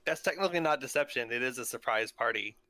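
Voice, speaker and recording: A man's voice: mid-range voice, quick pace, sharp tone. A man playing a tabletop game, chatting casually. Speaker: player. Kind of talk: casual chat.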